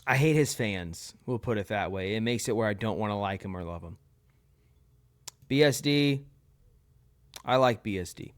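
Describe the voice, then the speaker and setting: A man's voice: on the low side, lively intonation, normal speed, pauses often, clean tone. A young man giving blunt, opinionated verdicts in a casual commentary on his own channel. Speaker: tier list video host.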